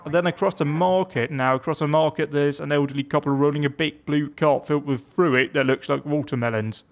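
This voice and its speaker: Young male gamer, casual wry commentary, voice sits a bit high. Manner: chatty, reads game text aloud with wry asides. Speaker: let's play gamer.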